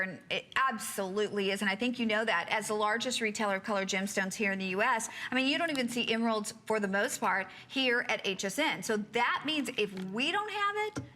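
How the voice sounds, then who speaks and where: A woman hosting a shopping channel, chatty and upbeat, pitching jewelry and reading out how many are left. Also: pushed and bright, a little hiss or hum. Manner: upbeat, chatty, reads out stock counts. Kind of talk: live TV sales patter.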